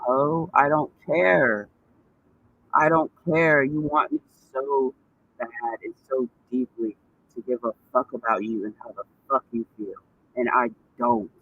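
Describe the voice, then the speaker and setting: A man's voice: mid-range voice, bright, forceful tone, muffled recording. A man ranting on a vlog, cursing and repeating himself in indignant bursts. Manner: profane, indignant, repetitive ranting. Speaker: vlogger.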